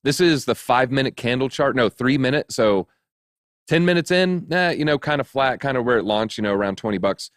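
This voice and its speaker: A man's voice: medium pitch, lively intonation, fairly quick, no echo, clean studio sound. A man hosting a crypto news show, talking casually in a chatty, joking, rambling way with lots of fillers. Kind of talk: casual chat.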